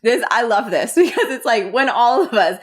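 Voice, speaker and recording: A woman's voice: a little high, lively intonation, normal speed. A woman hosting an interview who laughs often and encourages her guest. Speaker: host. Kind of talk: interview conversation.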